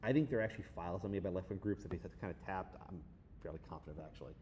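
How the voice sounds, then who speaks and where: This guest lecturer's low voice comes out rapid-fire as he tells an animated, sarcastic story in a lecture hall, acting out the people he quotes. A little hiss or hum sits under the recording.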